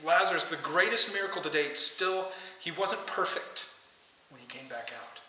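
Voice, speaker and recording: A man delivers an impassioned sermon from the pulpit, and his voice sits a little high and sounds strikingly bright. The church around him is roomy and echoey, so every line hangs in the air. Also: animated, moderate pace, distant mic. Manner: impassioned, shouting the calls to come out. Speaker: pastor. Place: church sanctuary.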